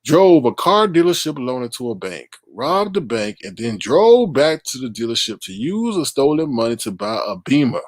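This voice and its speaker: Lively middle-aged man reading news. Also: mid-range voice, no echo, studio quality. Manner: animated, exclaiming and laughing at the story; reads news aloud and talks to the chat. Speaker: live-stream host. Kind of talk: live-stream news commentary.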